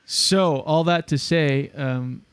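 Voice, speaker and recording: A man's voice: a little high, slow, clear, resonant tone, no room sound. Rambling male podcast host. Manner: rambling storyteller, lots of fillers. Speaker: show host. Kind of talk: casual podcast chat.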